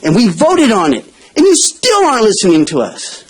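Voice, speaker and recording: A man's voice: sits high, wildly swooping pitch, moderate pace, husky, rough recording. A man giving a confrontational, emphatic public comment speech at a council chamber podium.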